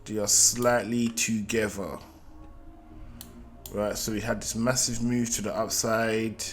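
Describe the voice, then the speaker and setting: A man's voice: fairly low pitch, flat delivery, slow pace, faint music behind. A man giving a live market analysis, thinking aloud and repeating phrases, often checking in with "right?". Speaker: trading analyst.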